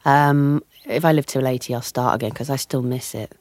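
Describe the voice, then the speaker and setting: A woman's voice: a bass voice, fairly even intonation, fairly quick, a little mellow, no room sound. A woman with an English accent, a comedian and author being interviewed, chatting in a giggly way. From England. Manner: chatty, giggly, slips into voices. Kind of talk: casual interview chat.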